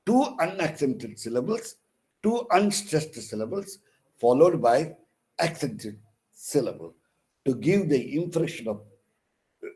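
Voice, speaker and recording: A man's voice: mid-range voice, lively intonation, moderate pace, a little mellow, rough recording. A man with an Indian English accent, a counsellor lecturing on poetic meter, repeating phrases and scanning verse aloud with restarts. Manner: restarts mid-word, fillers like uh and okay. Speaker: counsellor for distance learners.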